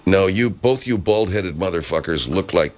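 A man's voice: low-pitched, lively intonation, moderate pace, a little hiss or hum. A man hosting loose comic talk, rambling with crude, jokey asides.

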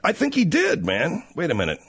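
A man's voice: on the high side, wildly swooping pitch, brisk, vocal fry, fairly bright tone. A man hosting a radio talk show in a casual, brash, teasing, rambling way.

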